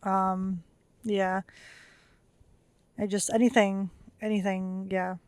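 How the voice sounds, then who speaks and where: A woman's voice: mid-range voice, little pitch movement, takes it slowly, a little mellow, clear, resonant tone, dry recording. A young woman co-hosting a podcast in casual chat, chatty and laughing often, with lots of "like" fillers. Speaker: podcast co-host.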